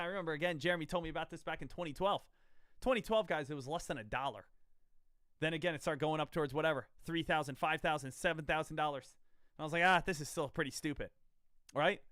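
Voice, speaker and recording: Man in his thirties, slightly higher voice, dry close sound; casual streamer who rambles, circles back on himself and keeps quizzing his viewers. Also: fairly bright tone, no echo. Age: 30s. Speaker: stock trading streamer.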